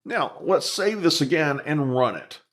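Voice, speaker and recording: A man teaching a coding lesson over a screen recording, calmly dictating each line of code step by step. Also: fairly high pitch, measured pace. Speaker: instructor.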